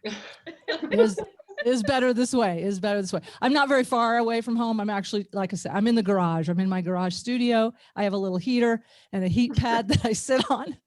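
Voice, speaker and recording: A middle-aged woman with a slight Ozark twang tells self-mocking stand-up jokes and keeps breaking into laughter. Her voice sits a little high. It sounds dry and close, as if from a small garage studio over a video call. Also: fairly quick, a little mellow, dry recording. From Ozarks, USA. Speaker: comedian and former nurse.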